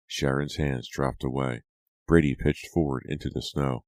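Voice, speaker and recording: A man narrating a horror audiobook in a steady, dramatic way. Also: a bass voice, normal speed, no room sound.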